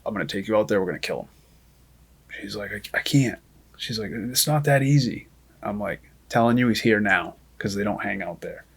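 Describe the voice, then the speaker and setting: Podcast guest, man, lowish voice, animated yarn-spinner who acts out dialogue. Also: gravelly, breathy edge. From Maine. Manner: lively storyteller who acts out quoted dialogue. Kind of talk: casual storytelling.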